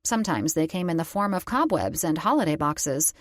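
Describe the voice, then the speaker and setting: A woman's voice: low voice, sing-song, brisk, no echo, clean studio sound. A woman narrating a first-person romance audiobook in a wry, conversational storytelling manner.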